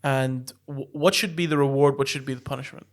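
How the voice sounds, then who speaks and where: A man's voice: mid-range voice, fairly even intonation, a little fast. A man co-hosting a podcast in casual chat, joking and teasing his co-host. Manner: teasing, jokey.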